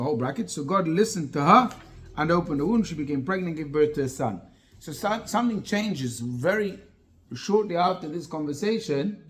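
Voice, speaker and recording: A man, a rabbi, teaching an interactive class and firing rhetorical questions at his listeners. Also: fairly high pitch. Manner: animated, asks the class many rhetorical questions.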